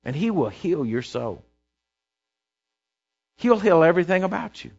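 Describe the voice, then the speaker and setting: A man preaching a sermon in a conversational way, checking in with his listeners and dropping to a soft, quiet voice for prayers. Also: on the high side, sing-song, unhurried, creaky. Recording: dull lo-fi recording.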